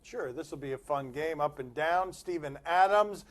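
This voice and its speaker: A man's voice: on the high side, normal speed. A man hosting a sports talk show, running the segments with dry, wry remarks. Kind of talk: hosting studio banter.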